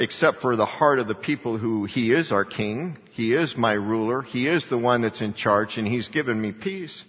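A man's voice: medium pitch, breathy edge. A man preaching a sermon, reading scripture aloud and asking the congregation rhetorical questions. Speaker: pastor. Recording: dull lo-fi recording in a reverberant hall.

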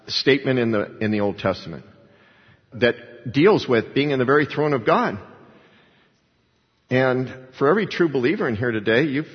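A man with a husky, slightly breathy voice preaching to a congregation, his words rising into emphatic swells as he acts out the people he quotes. The recording is dull and lo-fi, and a long reverb trails off each phrase as it rings through the church sanctuary. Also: mid-range voice. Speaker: pastor. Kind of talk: sermon.

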